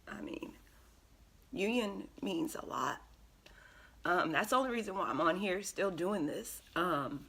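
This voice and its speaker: A woman giving an earnest, emotional spiritual card reading to her viewers, pausing often with ums. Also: on the low side, expressive, gravelly, a bit bright, slightly rough. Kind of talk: tarot reading monologue.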